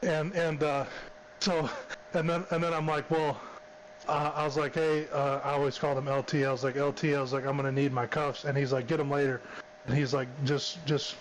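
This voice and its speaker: A man's voice: on the high side, flat delivery, fairly quick, a little hiss or hum, rough recording. A man, a former police officer, casually telling a story, drawling and repeating "I said" and "she's like".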